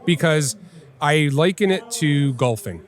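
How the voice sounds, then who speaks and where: A man, a well-known angler and TV host, talking in a casual live podcast chat with an animated, emphatic, instructive way of telling stories. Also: fairly high pitch, measured pace. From Canada. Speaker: guest angler and TV personality. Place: busy fishing trade show floor.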